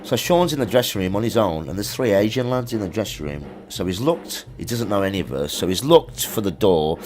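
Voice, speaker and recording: Middle-aged musician, very low voice, loose chatty storyteller, slangy. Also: male voice, lively intonation, brisk, a little mellow, slight background noise. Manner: chatty anecdotes with slang and laughs. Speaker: musician guest. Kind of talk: casual storytelling interview.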